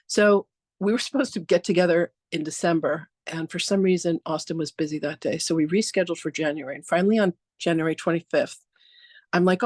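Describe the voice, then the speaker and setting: Effusive woman hosting with lively anecdotes. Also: deep voice, fast talker, dry recording, clean studio sound. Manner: animated, acts out dialogue with "I'm like"; effusive, laughs often. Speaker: host introducing a guest. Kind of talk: chatty storytelling introduction.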